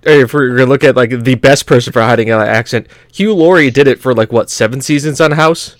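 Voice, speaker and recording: A man co-hosting a gaming podcast in casual chat, rambling with lots of fillers and quick to laugh. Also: medium pitch, dry recording, clean studio sound. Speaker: podcast co-host.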